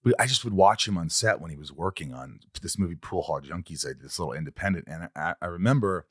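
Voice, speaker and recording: A man hosting a podcast in a casual chat, excitable, jumping in and swearing freely. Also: low-pitched, fast, husky, no echo, studio quality. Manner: excitable, jumps in and interrupts, swears. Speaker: podcast host.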